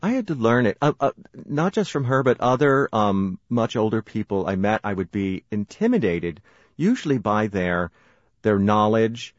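A man's voice: lowish voice, animated, moderate pace, no echo, dull audio. An American man, an author guest on a radio interview, telling stories and laughing often. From United States. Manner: warm storytelling, laughs often.

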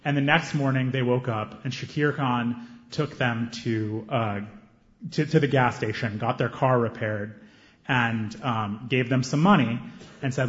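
A man performing a stand-up set on stage with a handheld mic, animated and acting out scenes, breaking into high excited yelps. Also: a little slow. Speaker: stand-up comedian. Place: comedy stage before a live audience. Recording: roomy, slightly dull live recording.

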